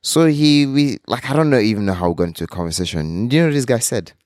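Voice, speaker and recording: A man guest on a podcast tells a story with a lively, swooping voice and laughs a lot. His delivery is loose, full of restarts and "like." The recording is dry and close. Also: mid-range voice, quick pace, dry recording. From not from Australia. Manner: animated, laughs often, many restarts. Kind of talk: casual chat, storytelling.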